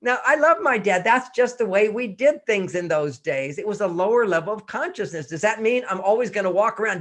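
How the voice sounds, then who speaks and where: A man's voice: sits high, expressive, a little fast, few pauses, fairly bright tone. A man in his sixties from Texas, speaking as a guest author in an interview, emphatic and acting out quoted voices. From Texas, USA. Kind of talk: interview talk.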